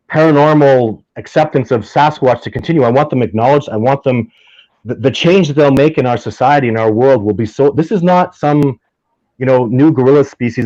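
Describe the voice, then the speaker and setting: A man's voice: mid-range voice, dark tone, dry recording, muffled recording. A man being interviewed as a guest, telling stories in a rambling, enthusiastic way, often restarting his sentences and getting heated. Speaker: guest, Sasquatch researcher. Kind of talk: casual interview storytelling.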